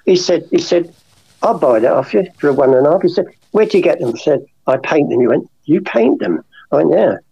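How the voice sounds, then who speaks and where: A man's voice: fairly high pitch, quick pace, gravelly, slightly rough, no room sound, lo-fi sound. An older man, a former art forger telling stories in an interview and acting out the dialogue of his anecdotes. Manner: lively anecdotal, acts out dialogue. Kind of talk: storytelling interview.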